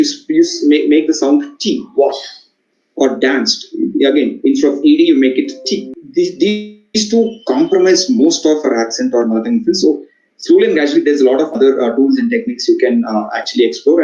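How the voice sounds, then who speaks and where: A man with an Indian English accent, a communication trainer lecturing students in a halting way, with many fillers and repeated words. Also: medium pitch, dark tone. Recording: echoey, dull-sounding room recording.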